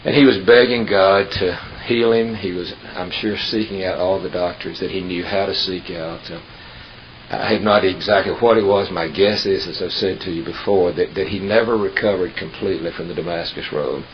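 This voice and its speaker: Deep-voiced man preaching in storytelling fashion. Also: fairly even intonation. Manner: folksy storyteller, unhurried with emphatic pauses. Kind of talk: sermon with humorous storytelling. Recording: dull lo-fi tape with hiss.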